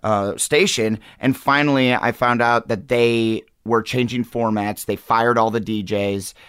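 Animated man telling stories, dry sound. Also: mid-range voice, measured pace, clear, resonant tone, no echo. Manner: animated storyteller, slips into character voices. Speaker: guest. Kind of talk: casual chat.

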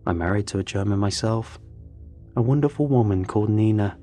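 A man reading a first-person story in a measured, tense storytelling manner. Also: fairly low pitch, mellow, soft background music. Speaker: narrator. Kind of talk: scripted first-person narration.

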